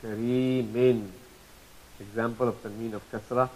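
A man teaching a lesson, patiently spelling out terms, repeating examples slowly and asking checking questions. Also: mid-range voice, steady tone, a little mellow, slight background noise, poor audio. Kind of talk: explanatory lesson.

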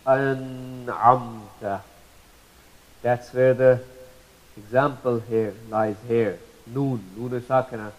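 A man teaching Quran recitation rules, patiently repeating each example slowly and drawing out the sounds. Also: mid-range voice, flat delivery, darkish tone, low-quality recording. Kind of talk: slow tajweed lesson.

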